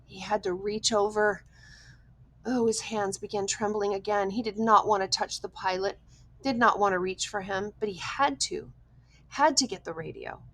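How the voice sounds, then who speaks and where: A woman reading a novel aloud as an audiobook, with measured, tense storytelling. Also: medium pitch, fairly bright tone, rough recording. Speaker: audiobook reader. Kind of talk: scripted narration.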